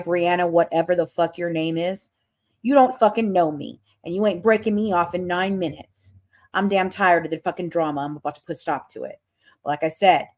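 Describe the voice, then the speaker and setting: Blunt, sleepless woman livestreamer, lower voice, profane and fiery. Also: a little mellow. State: has not slept. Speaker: livestream host. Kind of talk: casual livestream rant.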